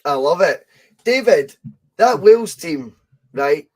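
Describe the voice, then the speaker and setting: Man, podcast co-host, high voice, eager interjections, casual chat. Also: lively intonation, slow pace, darkish tone. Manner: enthusiastic interjections and reactions.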